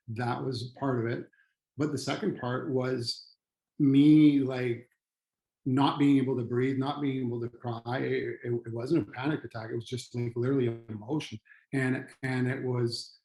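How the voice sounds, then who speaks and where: A middle-aged man, a retired firefighter who now trains people on trauma and resilience, telling a personal story in a halting, earnest way with frequent restarts. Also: mid-range voice, level tone, a little mellow, roomy sound, rough recording.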